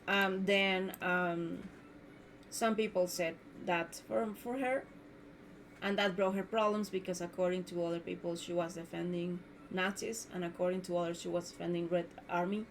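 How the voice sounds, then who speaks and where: A woman's voice: on the low side, fairly even intonation, moderate pace, a little hiss or hum. A woman hosting her own podcast, delivering an indignant, repetitive rant as a solo monologue. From Mexico. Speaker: podcast host.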